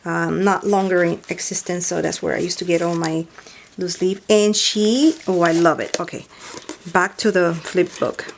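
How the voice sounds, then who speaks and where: A woman chatting casually while unboxing mail, gushing and exclaiming over each item and often dropping to a soft near-whisper, indoors at night. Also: lowish voice, steady tone, moderate pace, gravelly, a little hiss or hum. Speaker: craft vlogger unboxing mail.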